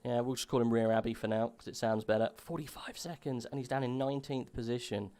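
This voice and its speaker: A man's voice: medium pitch, fast talker. Man calling a sim race. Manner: chatty and relaxed before the start, louder and excited calling the race. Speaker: lead sim racing commentator. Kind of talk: live esports race commentary.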